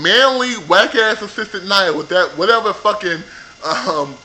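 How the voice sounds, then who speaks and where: A man with a high, bright voice rants about television, sassy and heavy with profanity. He talks straight into a computer mic in a loose, animated monologue. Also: poor audio. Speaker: vlogger reviewing a reality show. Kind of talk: casual ranting review.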